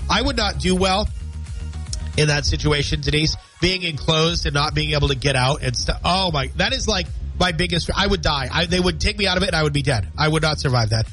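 Man, radio morning host, nasal, congested, upbeat banter, somewhat high voice. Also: a little fast, fairly bright tone, faint music behind. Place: radio studio.

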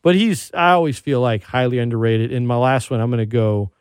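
A man hosting a casual talk show, an animated storyteller who gets worked up. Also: mid-range voice, fairly quick, clear, resonant tone, dry recording. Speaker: podcast host. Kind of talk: casual chat.

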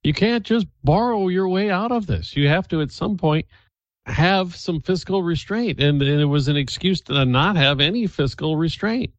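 A man hosting a radio talk show, speaking in a casual, animated way. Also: on the high side, moderate pace, dry recording, lo-fi sound. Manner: animated, laughs easily. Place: radio studio.

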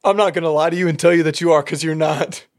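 A man voicing a gruff, blunt high school football coach in a casual retelling. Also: fairly even intonation, fast talker, lightly acted. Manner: blunt, exasperated.

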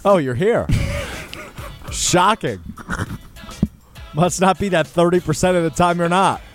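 A playful, needling man running a quiz segment on a sports radio show. His voice sits a little higher than most men's. Faint music plays underneath him in the studio. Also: measured pace. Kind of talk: casual sports radio banter.

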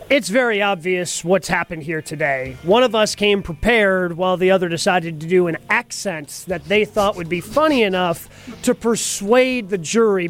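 A man guesting on sports radio, giving a mock-formal prosecution closing argument. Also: high-pitched. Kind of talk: comedic sports talk.

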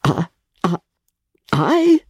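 A reader doing a hesitant young gentleman. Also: medium pitch, big pitch swings, breathy edge, no room sound, studio quality. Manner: hushed, halting, half-whispered replies. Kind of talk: audiobook character voice.

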